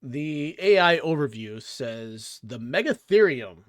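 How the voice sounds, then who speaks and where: A man co-hosting a casual gaming podcast, telling stories in an animated way with frequent restarts. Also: on the high side, takes it slowly, dry recording, studio quality. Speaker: co-host.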